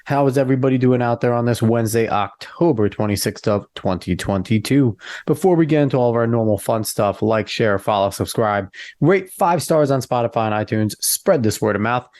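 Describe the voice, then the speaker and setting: A man's voice: mid-range voice, a little fast, a little mellow, dry recording, studio quality. Stuffy-nosed man hosting a podcast. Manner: chatty, joking, rambling. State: congested, nasal from a cold. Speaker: podcast host. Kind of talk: casual podcast chat.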